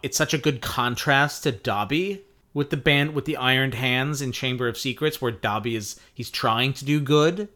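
A man's voice: mid-range voice, normal speed, sharp tone. A man co-hosting a podcast in casual chat, thoughtful and a little hesitant, with literary references. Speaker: podcast co-host.

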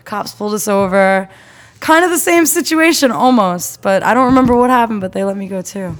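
A young woman in casual chat, reacting fast with jokes and then telling her own story. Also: medium pitch, lively intonation. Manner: quick reactive asides and jokes.

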